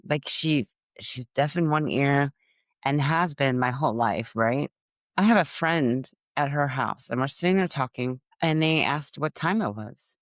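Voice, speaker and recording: A woman's voice: a bass voice, unhurried, no echo. Dry, close-miked middle-aged woman telling funny stories. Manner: animated, laughing at her own stories. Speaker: podcast host. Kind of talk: humorous family storytelling.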